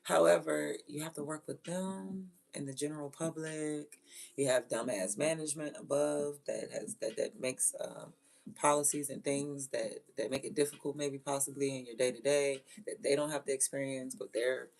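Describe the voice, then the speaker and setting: A woman who is a mother, telling stories in a blunt, profane, animated way and laughing often. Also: low-pitched, moderate pace, vocal fry. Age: adult with children. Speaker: vlogger. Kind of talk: casual storytelling rant.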